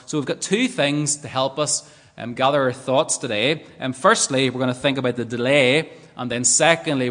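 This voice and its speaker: A man's voice: medium pitch, fairly bright tone. A man with a Northern Irish accent preaching a sermon in a church, earnest and fond of rhetorical tag questions. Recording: long church hall reverb.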